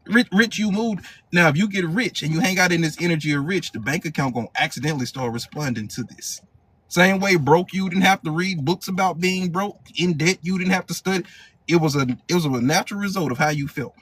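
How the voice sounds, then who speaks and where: A man's voice: on the high side, expressive, a little fast, fairly bright tone, slightly rough. A male hypnotherapy coach leading a live motivational training, emphatic and repetitive, in casual slang.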